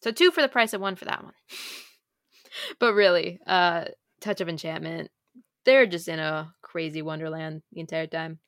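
Bright, animated young woman podcaster. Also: low-pitched, moderate pace, dry recording, clean studio sound. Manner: animated, breathless retelling of plots. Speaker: podcast co-host. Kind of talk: casual chat about romance novels.

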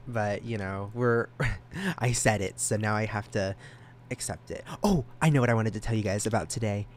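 Rambling, excitable young man. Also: lowish voice, moderate pace, slight background noise. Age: young adult. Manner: rambling, excitable, self-conscious, with stammered restarts. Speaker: podcast host. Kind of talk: solo casual podcast chat.

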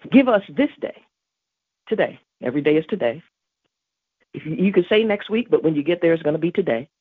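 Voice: medium pitch, lively intonation, quick pace, husky, dry recording. A podcast host giving an emphatic devotional teaching on prayer, repeating key phrases. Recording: tinny phone-like dry recording.

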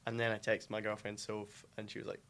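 A man's voice: on the low side, completely flat delivery, fast, a bit bright. A man, a podcast guest chatting casually and saying "like" a lot. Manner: chatty, lots of "like".

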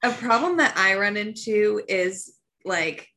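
A woman's voice: medium pitch, animated, crowd noise. A young woman who teaches, co-hosting a podcast with a playful, chatty manner. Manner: playful, quick to jump in with bits. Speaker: podcast co-host. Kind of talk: casual chat.

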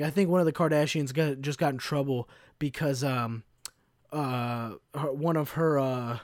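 A man's voice: a little high, dry recording, studio quality. A man hosting his own podcast, ranting in a casual, sarcastic and heavily profane way. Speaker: podcast host. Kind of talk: casual solo rant.

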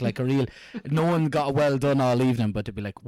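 A young Irish man co-hosts a casual podcast, rambling and joking through stories with plenty of likes and ums. His voice sits at a middling pitch, recorded close and dry with no room sound. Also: fast, few pauses, warm tone, no echo. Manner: chatty, joking, lots of fillers. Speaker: podcast co-host. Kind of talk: casual chat.

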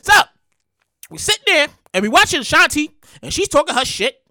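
A man giving excitable, slangy, casual commentary, often loud and drawn out on exclamations. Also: very high-pitched, fairly quick, dry recording.

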